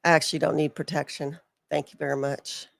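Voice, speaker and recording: A woman's voice: deep voice, flat delivery, fairly quick, gravelly, no room sound, studio quality. A woman co-hosting a live wrestling watch-along, chatting casually, teasing, and reading out viewer messages. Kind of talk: casual live stream chat.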